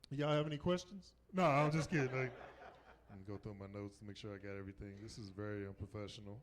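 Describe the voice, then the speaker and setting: Crowd noise fills the background as a middle-aged man from the Southern United States does a fast stand-up set in a club. He imitates the people he quotes with high, mocking voices.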